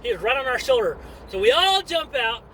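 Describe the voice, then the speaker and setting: Chatty man with a bright, high voice. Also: brisk, a little hiss or hum, rough recording. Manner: rambling, animated, chatty. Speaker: vlogger telling a story. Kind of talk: casual storytelling.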